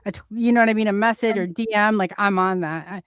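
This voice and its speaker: A woman's voice: mid-range voice, fast talker, fairly bright tone, clean tone, dry recording. A woman hosting a casual talk show, enthusiastic and full of likes and you-knows. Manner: enthusiastic, filler-heavy. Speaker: host. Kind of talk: casual chat.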